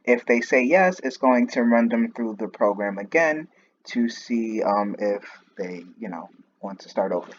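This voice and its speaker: A student with a lowish voice speaks unhurriedly while walking through his class coding project in a screen recording. He sounds hesitant, with many fillers and restarts, and the muffled lo-fi audio carries steady noise and clicks.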